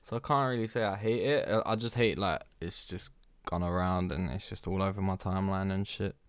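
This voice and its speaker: A man's voice: low voice, fairly even intonation, fairly quick, smooth, no echo. A young man with a close mic, chatting in a laid-back, rambling, slangy way. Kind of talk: casual chat.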